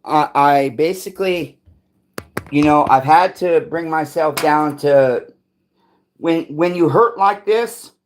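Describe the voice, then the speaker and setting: A man on a home livestream, venting in a fast, profane rant. His voice sits a little high for a man and climbs higher when he gets heated. He also drops into grumbling asides as he walks around the house. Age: adult parent. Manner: rising to loud agitation, then muttering lower while walking around. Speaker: livestream host. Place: at home, moving between rooms.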